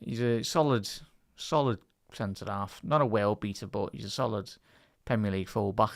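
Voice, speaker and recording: A man with a fairly low, fairly even voice and some vocal fry calls a football match live on a stream at a moderate pace. He chats with viewers between bursts of play-by-play, rising and speeding up on attacking moves. The studio-quality recording has no echo.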